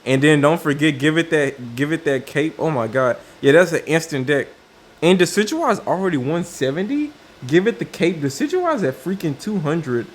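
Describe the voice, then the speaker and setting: Guy rambling through new game cards, lots of um and uh, restarts, mid-pitch voice. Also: slight background noise. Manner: thinking aloud with many fillers and restarts. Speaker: card game video creator. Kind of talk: casual commentary on card reviews.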